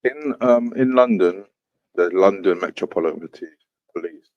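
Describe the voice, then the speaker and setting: A man's voice: sits low, normal speed, no room sound, highs cut off. A man chatting casually, curious and asking question after question. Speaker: podcast co-host. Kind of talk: casual banter.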